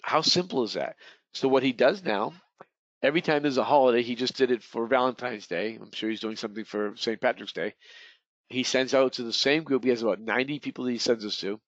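A man's voice: mid-range voice, a little fast, fairly bright tone, no echo. A man leading a real estate training webinar, talking in a rambling way with many restarts and repeated words. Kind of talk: webinar presentation. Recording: dull, lo-fi webinar audio.

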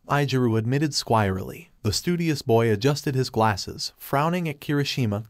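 A man reads fan fiction aloud in a steady, even voice at middle pitch. The recording is close and dry, with no room sound. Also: normal speed, hardly any pauses, no room sound. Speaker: narrator.

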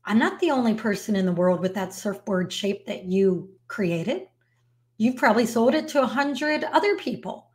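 A woman playing a calm, steady man who explains his point evenly. He speaks in a soft, measured way and never raises his voice. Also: medium pitch, natural voice. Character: calm, steady husband and artist.

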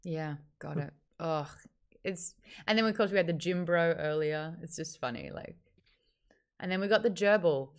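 A woman runs a live book club stream in a casual, chatty way. Her voice sits on the lower side for a woman. She reads out viewer names and comments with a lot of bounce. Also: moderate pace, clean tone.

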